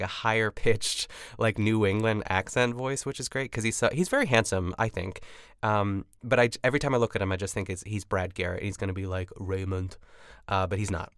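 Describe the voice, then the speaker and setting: A man with a lowish, fairly bright voice and some vocal fry hosts a podcast, recapping a cooking show. It's casual, rambling chatter packed with "like," and he laughs at his own jokey asides. The recording is dry and studio quality.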